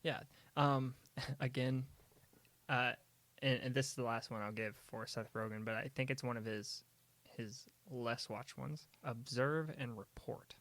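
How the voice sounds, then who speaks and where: A man's voice: mid-range voice, steady tone, a little slow, a bit bright, no room sound. A young man co-hosting a podcast, chatting casually and rambling about movies, saying "man" and "like" a lot. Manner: laid-back, rambling, says "man" and "like" often. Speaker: podcast co-host. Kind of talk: casual chat.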